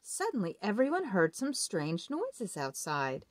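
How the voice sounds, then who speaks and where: A woman reading a children's picture book aloud in an expressive read-aloud delivery. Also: lowish voice, unhurried, a little hiss or hum. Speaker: storybook reader.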